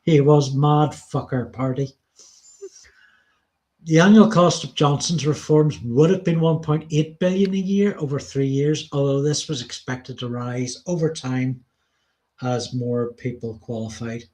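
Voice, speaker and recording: A man's voice: medium pitch, fairly even intonation, unhurried, a little mellow. A British man co-hosting a podcast, reading policy notes aloud with frequent ums and casual swearing. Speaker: podcast co-host.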